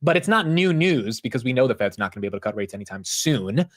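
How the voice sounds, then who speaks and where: A man's voice: medium pitch, quick pace. Casual young man hosting a market stream. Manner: animated, rambling, says "bro" and "dude" often. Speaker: stock market livestream host. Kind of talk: casual livestream chat.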